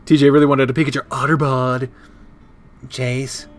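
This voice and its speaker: A male streamer playing a visual novel reads the game text aloud on a live stream, chatting casually with viewers between lines and swearing freely. His voice is medium-pitched and level, and he talks fast.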